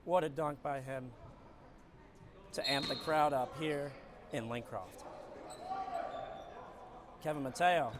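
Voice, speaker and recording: A man with a raspy voice calling a live college basketball game from an arena skybox, getting excited and shouting on big plays. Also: medium pitch, slow, pauses often. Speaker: play-by-play commentator. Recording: noisy arena broadcast feed. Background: arena ambience, ball bouncing.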